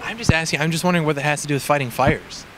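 A man with a slightly high voice questions people outdoors in a flat, mock-innocent tone. He needles them while playing dumb, his words set against clear street noise. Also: rapid-fire. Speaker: YouTuber confronting protesters. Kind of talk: provocative street interview.

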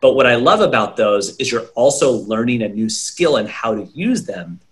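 A young man speaking at an ordinary mid pitch, earnest and explanatory. He runs through lists of examples and keeps checking in with a quick "right?" as he talks to an interviewer. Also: expressive, a bit bright. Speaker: brain health coach, interview guest.

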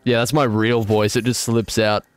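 A young man streaming a video game live, commenting in an excitable, jokey and self-mocking way. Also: mid-range voice, normal speed, smooth, faint music behind.

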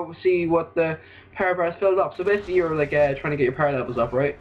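An Irish man rambling through let's play commentary, excitable and swearing, with sudden outbursts. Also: a little high, fast. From Ireland. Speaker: gaming video host. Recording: dull lo-fi recording.

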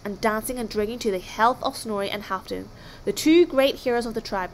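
A woman reading a children's chapter book aloud with expressive storytelling. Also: mid-range voice, brisk, slight background noise. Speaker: storybook reader.

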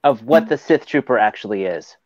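A man's voice: mid-range voice, expressive, a little fast, darkish tone, dry recording. Male co-host who chimes in briefly, recorded dry and muffled. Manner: chimes in with short interjections. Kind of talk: casual chat. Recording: dry, dull lo-fi mic.

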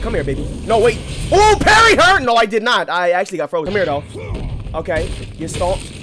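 A young man, commentating his gameplay with loud, excitable trash talk and sudden yelps. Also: high-pitched, a little fast, noisy background. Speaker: gaming streamer. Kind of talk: let's play commentary. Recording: game soundtrack loud under voice. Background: game music.

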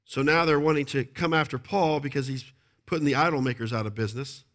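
A man's voice: medium pitch, fast talker, fairly bright tone. A male pastor preaching a sermon, emphatic and repetitive, often asking the congregation to agree.

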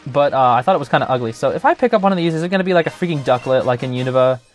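A man's voice: medium pitch, lively intonation, very fast, faint music behind. A young man hosting a gaming channel, giving chatty, joking gameplay commentary full of filler words.

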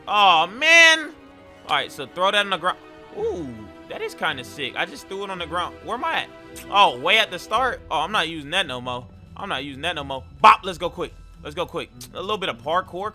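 A young man narrates his own gameplay in a high, very bright voice that leaps up and down with every reaction. He talks in loose slang and reacts loudly to each surprise. Faint music plays behind him. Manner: excitable, slangy, reacting out loud. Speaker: gameplay streamer. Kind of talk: Minecraft let's-play commentary.

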